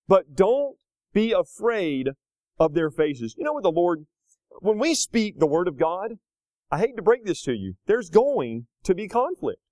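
Thirties guy preaching, kinda high voice, super dry close sound, goes big and slow then low and chatty. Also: sing-song, no room sound. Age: 30s. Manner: swings between loud emphatic peaks and low conversational asides; slows down hard on key phrases. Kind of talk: sermon.

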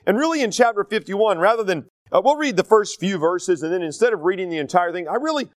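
A man's voice: sits high, animated, quick pace, no echo. A man from North Carolina, teaching a Bible study in a conversational, digressive style full of stories. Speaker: pastor.

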